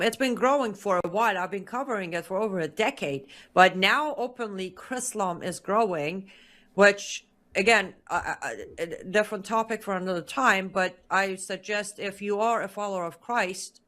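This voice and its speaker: A woman guest in an interview, telling a personal story in a lively way and acting out the dialogue she quotes. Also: medium pitch, normal speed. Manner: lively narrator who acts out quoted dialogue.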